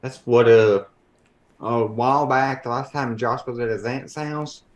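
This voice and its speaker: A man's voice: mid-range voice, steady tone, measured pace. A man in a casual live chat, chiming in with short side stories.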